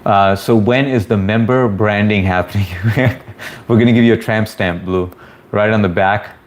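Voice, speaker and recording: A man's voice: on the low side, steady tone, moderate pace. A man hosting a casual livestream, reading viewer comments aloud and greeting people by name in a laid-back, chummy way. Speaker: livestream host.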